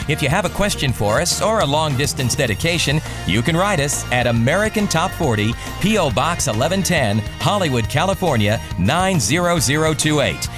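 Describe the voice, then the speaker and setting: A man hosting a radio countdown show, reading scripted song intros in a smooth announcer delivery. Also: on the high side, sing-song, moderate pace, few pauses, music in the background.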